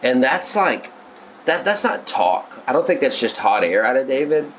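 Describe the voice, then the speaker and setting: A man's voice: medium pitch, sing-song, normal speed, fairly bright tone, slight background noise, rough recording. A male pastor teaching on a devotional podcast, earnest and conversational, often restarting his sentences.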